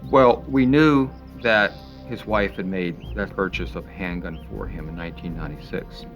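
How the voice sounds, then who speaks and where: A former police investigator, a man with a low voice at a moderate pace, recounts the case in a conversational interview. He acts out what people said, quoting voices with small laughs, and the audio is dull with faint music behind.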